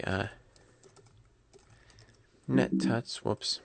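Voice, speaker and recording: A man talking through a coding tutorial at his computer, relaxed and correcting himself as he types. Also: lowish voice, moderate pace, creaky. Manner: relaxed, self-correcting, talks while typing. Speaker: programming instructor.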